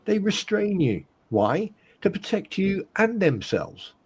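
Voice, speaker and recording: A man's voice: high-pitched, big pitch swings, slow, a little mellow, breathy edge, low-quality recording. A man on a video call panel who talks bluntly, teases and swears a lot in casual chat. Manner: blunt, swears often, teasing. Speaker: panel guest.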